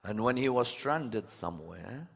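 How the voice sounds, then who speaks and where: A man's voice: mid-range voice, animated, a little slow, creaky, breathy edge. Impassioned man preaching a sermon. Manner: impassioned, rising to loud emotional cries in prayers. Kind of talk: religious sermon.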